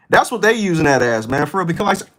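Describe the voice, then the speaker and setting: A man's voice: a little high, fairly bright tone, poor audio. A man hosting a livestream, chatting loosely and profanely while reacting to his chat. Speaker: livestream host. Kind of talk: casual chat with stream chat.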